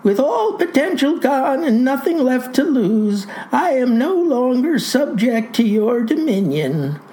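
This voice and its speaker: Casual: lady doing a sulky insolent young prisoner, high and strained, bounces around a lot. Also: sing-song, a little slow, warm tone, poor audio. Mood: aggrieved. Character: indignant young male prisoner, sulky and defiant.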